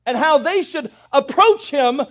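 A man's voice: extremely high pitch, animated, measured pace, a bit bright. A pastor preaching a sermon, talking straight to his congregation and building in intensity.

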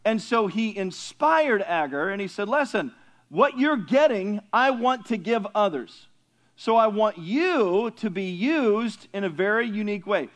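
Male pastor with a high voice, teaching scripture conversationally, quizzes and teases the class. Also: animated, a little slow. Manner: conversational, asks the class questions, jokes with listeners. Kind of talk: teaching sermon.

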